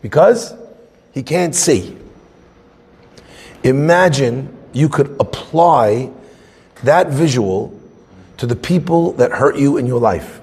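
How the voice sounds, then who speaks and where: A man teaching a Torah class as a rabbi, conversational and animated, acting out little scenes. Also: mid-range voice, slow pace, vocal fry, long pauses, breathy edge, long reverb tail.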